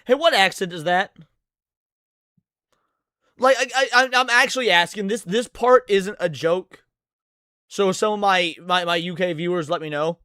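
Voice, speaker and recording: A man's voice: high-pitched, normal speed, pauses often, sharp tone, smooth, no echo, clean studio sound. A man streaming a reaction, ranting with heavy swearing and stammered repeats. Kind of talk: profane reaction commentary.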